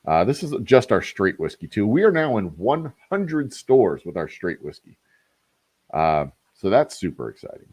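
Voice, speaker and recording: A man's voice: lowish voice, sing-song, normal speed, darkish tone, husky, no room sound. A man, hosting a casual distillery livestream and chatting to viewers with rambling, joking asides. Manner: rambling, talks to chat, self-deprecating jokes.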